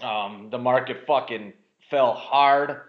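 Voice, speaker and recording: A man's voice: mid-range voice, takes it slowly. A man co-hosting a casual podcast, talking bluntly about sports and news and swearing often. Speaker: podcast co-host. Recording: roomy, slightly dull lo-fi audio.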